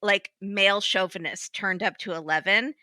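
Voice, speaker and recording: A woman's voice: medium pitch, moderate pace, sharp tone, no room sound. A woman co-hosting a podcast, giving her opinions on a reality show in chatty, casual talk and laughing easily. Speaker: podcast co-host. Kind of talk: casual recap chat.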